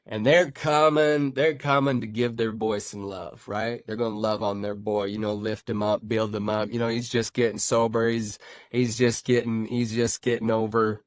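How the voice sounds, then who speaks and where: A man hosting a podcast, telling his own recovery story in an animated, repetitive way and talking straight to his listeners. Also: fairly low pitch, no echo. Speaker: podcast host.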